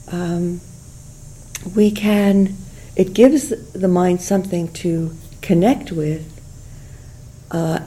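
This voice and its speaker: Middle-aged woman teacher, slightly low and creaky, easygoing guided talk with fillers. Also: a little hiss or hum, poor audio. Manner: gentle, unhurried, many fillers and restarts. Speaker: meditation teacher.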